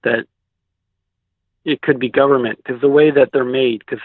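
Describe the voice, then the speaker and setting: Heard over a dry, tinny phone line with no room sound, a man speaks in a mid-range voice with fairly even intonation at a moderate pace. The Pacific Northwest American guest tells an interview show about a sighting, rambling casually with plenty of "likes" and restarts.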